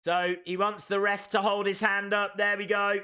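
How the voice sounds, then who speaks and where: A man hosting a live watch-along stream, reacting excitedly and calling out the moves as they happen. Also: sits high, normal speed, smooth.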